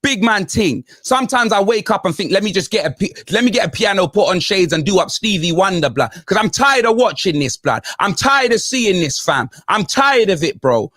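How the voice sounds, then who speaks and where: A high, wildly swinging male voice, ranting about football on a panel. He fires off slang-laden complaints in a restless rhythm. The sound is dry and close, with no room around it. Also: moderate pace, few pauses, dry recording. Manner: animated ranting with London slang. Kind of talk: heated football banter.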